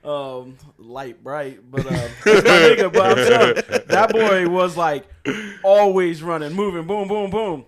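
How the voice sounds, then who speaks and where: A man co-hosting a podcast, telling a story in a casual way, hesitant at first and then lively. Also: sits high, measured pace. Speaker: podcast co-host.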